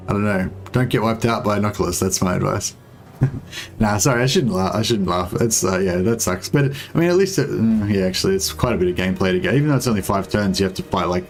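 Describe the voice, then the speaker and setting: A young man, streaming a strategy game and chatting casually with viewers, hesitant with many fillers. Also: fairly low pitch. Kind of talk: casual gameplay commentary.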